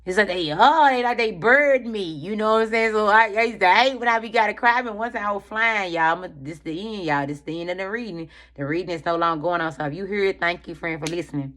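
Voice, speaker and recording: Animated, slangy woman speaking to viewers. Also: mid-range voice, fast, few pauses. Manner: animated, slangy, swears freely, calls viewers "friend". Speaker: tarot reader. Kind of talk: casual motivational chat to viewers.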